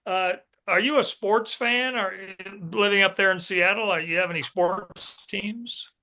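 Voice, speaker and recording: Bright-voiced podcast host asking questions. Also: medium pitch, a little slow. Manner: friendly rambling questions, laughs often. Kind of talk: casual interview.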